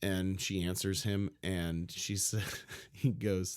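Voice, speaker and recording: A man with a fairly low voice co-hosts a podcast in a loose, casual chat. He tells stories playfully and in close detail. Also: little pitch movement, slow, clear, resonant tone. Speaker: podcast co-host.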